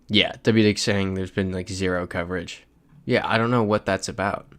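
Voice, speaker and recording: Hosting a relaxed livestream, this man speaks in a low, steady voice at normal speed with a slightly bright quality. He chats loosely and reads viewer messages aloud while he plays.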